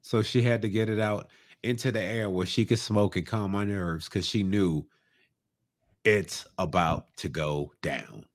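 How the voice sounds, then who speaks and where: Laid-back low-voiced podcast man. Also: unhurried. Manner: laid-back, emphatic, profane. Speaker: podcast co-host. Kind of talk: casual comedic chat.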